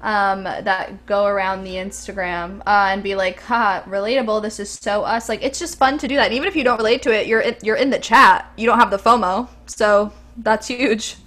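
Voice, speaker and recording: A woman's voice: medium pitch, steady tone, a little fast, hardly any pauses, a bit bright. A young woman co-hosting a podcast, chatting casually and enthusiastically with frequent ums. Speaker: podcast co-host. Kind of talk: casual chat.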